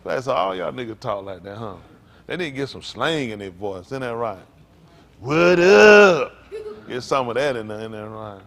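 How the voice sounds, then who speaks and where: A man's voice: lowish voice, fairly quick, creaky. A man, a pastor preaching in an informal, joking way. He laughs, teases the congregation and keeps asking "isn't that right?". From United States. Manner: animated, laughing, teasing the congregation. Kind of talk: informal joking sermon talk.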